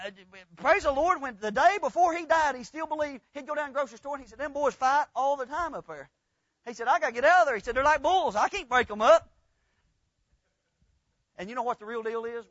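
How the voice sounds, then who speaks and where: A man preaching a folksy, rambling storytelling sermon that builds into loud, fervent preaching. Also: very high-pitched, no room sound. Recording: dull, lo-fi dry sound.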